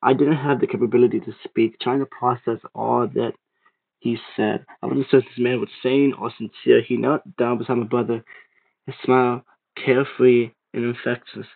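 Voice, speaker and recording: Gravelly man reading a creepypasta. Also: mid-range voice, normal speed. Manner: steady reading with some stumbles and restarts. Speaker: narrator. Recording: tinny phone-like sound.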